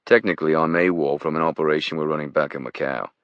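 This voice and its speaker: Male narrator as a wry, blunt British spy, very deep and matter-of-fact, in a dull, dry recording. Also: fairly even intonation, quick pace, clean tone, dry recording.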